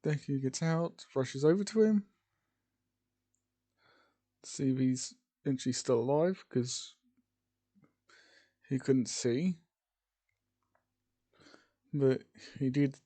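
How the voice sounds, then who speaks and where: A man's voice: mid-range voice, expressive, slow, long pauses, dark tone. A man casually narrating a fan-fiction story, with rambling informal asides.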